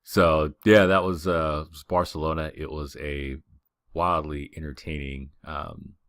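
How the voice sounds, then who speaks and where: Very deep-voiced laid-back man. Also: flat delivery, a little slow, fairly bright tone, no room sound. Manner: rambling, filler-heavy, laid-back. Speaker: podcast host. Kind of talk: casual travel storytelling.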